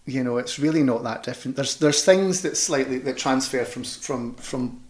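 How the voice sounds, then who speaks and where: A chatty man with a Scottish Glasgow accent talks about panto work in a loose, rambling way. He often restarts his sentences and fills the gaps with "um" and "you know". His voice sits at an ordinary, middle pitch. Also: normal speed. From Scotland. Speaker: panto performer and director. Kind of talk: casual interview chat.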